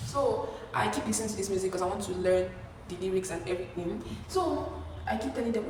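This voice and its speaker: A young woman in her twenties with a Nigerian accent, telling a story in a chatty, animated way. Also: medium pitch, fast talker, distant mic, background noise. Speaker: vlogger. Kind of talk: casual storytime. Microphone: camera mic from a distance. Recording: echoey room, no microphone.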